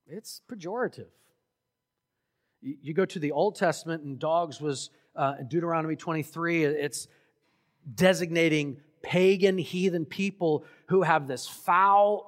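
A man preaching a sermon as pastor, emphatic and building to loud exhortation. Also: on the high side. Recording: long hall reverb.

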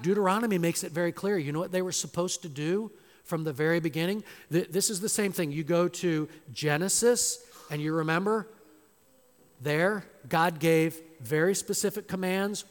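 A man preaching an expository sermon in a church, slow and emphatic, building to loud dramatic quotations. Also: high-pitched. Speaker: pastor. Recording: long hall reverb.

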